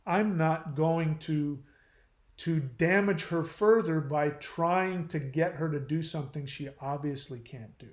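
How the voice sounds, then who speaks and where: A man's voice: a little high, measured pace, reverberant. A man hosting his channel, reading viewer comments aloud and answering them in a blunt, lecturing way.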